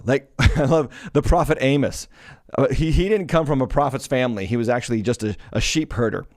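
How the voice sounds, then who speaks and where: A man's voice: medium pitch, no echo. Emphatic preaching man, dry sound. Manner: emphatic, sarcastic, declamatory. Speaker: pastor and show host. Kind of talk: preaching commentary.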